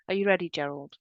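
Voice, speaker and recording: A woman's voice: on the low side, dry recording, lo-fi sound. A woman hosting an online open mic, introducing poets and praising them in an upbeat way over a video call. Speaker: host.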